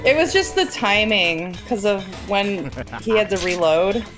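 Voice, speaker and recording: A woman on a game stream, relaxed and patiently explaining things. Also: mid-range voice, measured pace, poor audio. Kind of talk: casual chat while playing. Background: game music.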